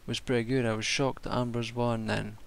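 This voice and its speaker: A man's voice: medium pitch, little pitch movement, fairly quick, gravelly. A tired man rambling casually through a wrestling show review, swearing and restarting his sentences. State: tired from staying up all night.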